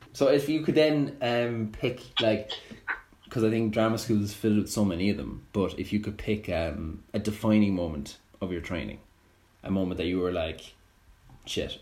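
Young Irish man, lowish voice, relaxed host who stumbles and restarts. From Ireland. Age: young adult. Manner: stumbling restarts, swearing, animated. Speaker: podcast host. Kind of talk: casual chat.

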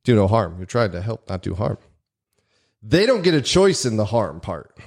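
A man co-hosting a casual podcast, telling stories with joking, deadpan asides. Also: lowish voice, normal speed, creaky. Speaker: podcast co-host. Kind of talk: casual comedic chat.

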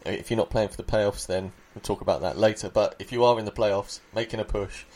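A man hosting a fantasy football podcast, upbeat and excitable in casual chat. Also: lowish voice, fast talker. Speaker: podcast host.

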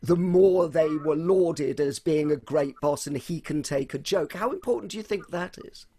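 A man's voice: on the high side, normal speed, mellow, slightly rough. A man hosting an interview, reflecting and asking questions in a conversational way. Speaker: podcast host.

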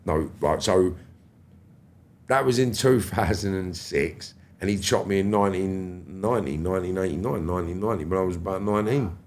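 A middle-aged man, telling animated stories as a podcast guest and swearing freely. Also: low-pitched, moderate pace, a little hiss or hum. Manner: animated, swears freely, acts out quoted dialogue. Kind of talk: storytelling interview chat.

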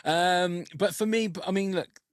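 A man's voice: sits high, steady tone, normal speed, no room sound, clean studio sound. A man hosting a podcast in casual chat, talking enthusiastically with many fillers. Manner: enthusiastic, full of fillers and restarts. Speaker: podcast host.

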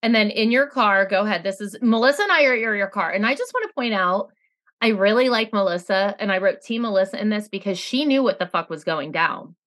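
A woman's voice: mid-range voice, lively intonation, fairly quick, a bit bright. A middle-aged woman co-hosting a casual rewatch chat, telling stories animatedly and swearing freely. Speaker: podcast co-host.

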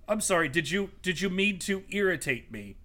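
A man voicing an arrogant ancient male monster that speaks slowly with low contempt. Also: animated, bright, forceful tone. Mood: scornful.

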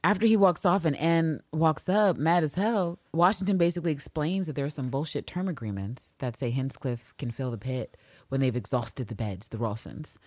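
A woman co-hosting a casual recap podcast, talking in a loud, profane, animated way and slipping into character voices. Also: sits low, moderate pace, no room sound. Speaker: podcast co-host.

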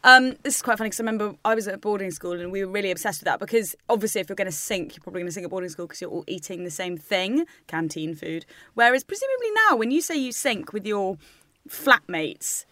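A brisk woman trading teasing remarks as a podcast co-host. She talks quickly and swears freely, laughing between lines. The sound is close and dry, with no room around it. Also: mid-range voice, pushed and bright, no room sound. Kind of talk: casual chat.

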